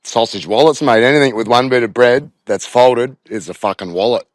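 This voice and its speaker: Chatty Australian dad calling in. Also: male voice, mid-range voice, brisk, no room sound. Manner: chatty storytelling, acts out quotes. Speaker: caller. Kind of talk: casual voice message.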